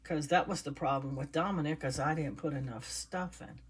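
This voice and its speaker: Her low-pitched voice has a breathy edge and a moderate pace as she chats with viewers. The older woman keeps her hands busy stuffing and assembling a handmade doll for her casual crafting vlog.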